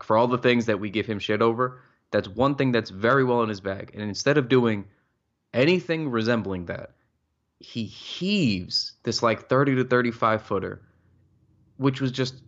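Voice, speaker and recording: Young male podcast co-host, heated ranter with a low voice, slightly dull lo-fi sound. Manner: heated, ranting, swears freely. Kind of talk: casual sports chat.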